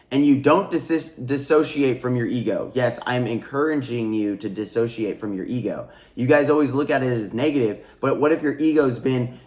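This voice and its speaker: A man's voice: mid-range voice, darkish tone, reverberant. A man giving a casual spiritual teaching monologue, earnest and repetitive, restarting phrases and addressing his viewers as guys. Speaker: spiritual coach and channel host.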